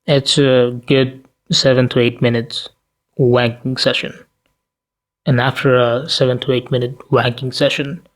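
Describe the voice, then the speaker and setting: A sleepy man rants straight to camera in an ordinary mid-pitched voice. His talk is crude and cutting, full of rhetorical questions and swearing. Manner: profane, blunt, rhetorical questions. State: tired, sleepy. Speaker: commentary vlogger. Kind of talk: ranting commentary to camera.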